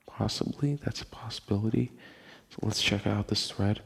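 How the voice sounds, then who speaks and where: A man's voice: fairly low pitch, normal speed, vocal fry, breathy edge. A young man hosting a casual late-night podcast, rambling, laughing often and swearing casually. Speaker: podcast host.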